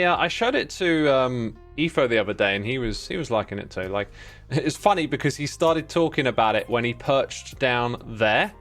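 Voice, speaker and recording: A man in his thirties talks in a relaxed, rambling way as he streams a game. His voice sits at an ordinary middle pitch, and he reads out viewer names and messages between thoughts. Faint music plays softly behind him. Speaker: livestreaming gamer. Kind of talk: casual livestream chat.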